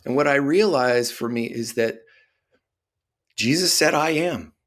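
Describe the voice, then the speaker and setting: A man hosts a talk podcast, sharing personal reflections in a thoughtful, measured way. His voice sits at an average middle pitch for a man. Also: a bit bright. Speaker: podcast host.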